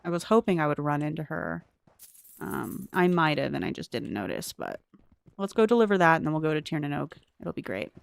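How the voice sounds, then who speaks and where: A woman's voice: low-pitched, sing-song, fairly quick, vocal fry, clean tone, no room sound. A young woman streaming a cozy game, chatting with viewers and thinking aloud in a curious, talkative way. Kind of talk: casual gameplay commentary.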